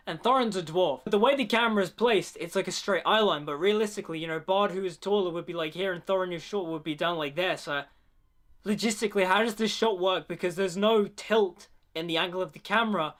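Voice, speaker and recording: A man's voice: sits high, brisk, a bit bright. A young man giving casual film commentary, opinionated and blunt, with sarcastic asides and swearing.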